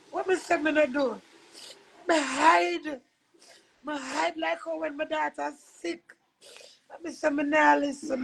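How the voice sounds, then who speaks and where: Jamaican woman, live-stream monologue, gravelly husky voice, earnest, tearful. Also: sits high, poor audio. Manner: earnest, preachy, switching between patois and English. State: recovering from illness, tearful. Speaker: livestreamer.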